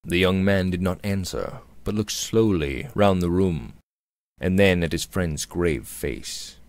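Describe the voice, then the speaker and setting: A man narrating a Victorian novel aloud in a measured, expressive storytelling manner. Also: sits low, no room sound. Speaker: audiobook narrator.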